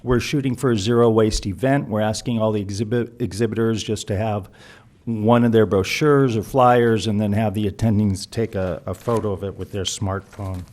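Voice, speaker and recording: A man announcing a community event to a city council in a formal, steady way, with frequent filler sounds, at a podium microphone. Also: fairly low pitch, normal speed. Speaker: community event organizer giving public comment. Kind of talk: prepared announcement at a council meeting.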